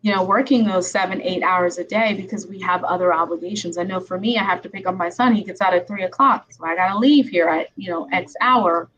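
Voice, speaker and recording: A woman's voice: fairly low pitch, fairly quick, hardly any pauses, a crowd in the background. A woman attorney hosting a podcast interview, talking in a chatty, conversational way. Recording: slightly dull sound with faint background noise.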